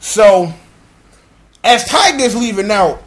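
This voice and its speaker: A man's voice: high voice, lively intonation, takes it slowly. A man casually recapping a show episode, rambling in slang and acting out the scenes. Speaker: episode commentator.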